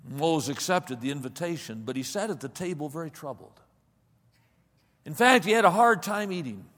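A man preaching, telling a story dramatically, swinging between loud passages and hushed ones, recorded with a long hall reverb. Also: a little high, expressive, normal speed. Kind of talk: sermon storytelling.

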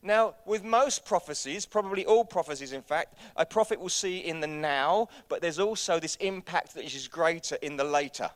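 A man preaches with fire, pressing his congregation with one rhetorical question after another. His voice sits fairly high for a man. He sinks to near-hushed passages and then climbs to shouted peaks. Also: normal speed, few pauses. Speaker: pastor. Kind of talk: sermon.

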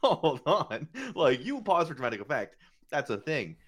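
A man in his late thirties, co-hosting a podcast in casual chat, rambling and self-mocking with quick laughs. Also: fairly high pitch, big pitch swings, fairly bright tone. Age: 30s. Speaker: podcast co-host.

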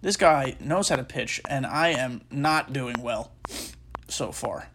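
A man's voice: mid-range voice, lively intonation, slow, noisy background. Rambling man talking baseball over gameplay. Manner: rambling, self-interrupting, with frequent fillers. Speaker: podcast host playing a baseball video game. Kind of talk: casual gaming commentary and speculation.

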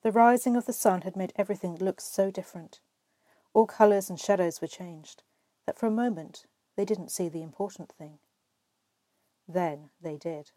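A woman reading a storybook aloud with expressive, measured narration. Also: fairly low pitch, no echo. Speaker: reader.

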